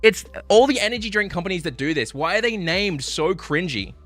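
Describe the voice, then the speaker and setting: Guy ranting on his stream, swearing a lot, keeps saying sorry, bright sharp tone, faint music under it. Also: lively intonation, a little fast. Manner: frustrated, profane, apologetic; swings between loud outbursts and low muttering. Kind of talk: live-stream rant.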